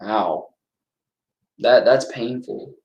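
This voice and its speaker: A man's voice: on the low side, extremely slow, highs cut off. A man giving casual watch-along commentary on a horror film, chatting and reacting aloud to the scenes.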